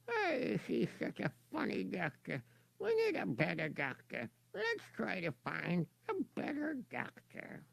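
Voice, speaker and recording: A man's voice: high-pitched, huge pitch swings, takes it slowly, vocal fry, a bit bright, no room sound. A man performing comic sketches as a storyteller's partner, complaining indignantly with lots of stammers.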